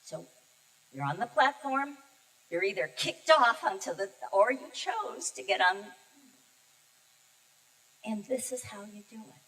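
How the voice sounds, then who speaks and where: An older woman minister giving a heartfelt, personal sermon, telling her story with pauses and emotion. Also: mid-range voice, expressive, fairly bright tone. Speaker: guest minister. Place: church sanctuary. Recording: distant mic in a reverberant sanctuary.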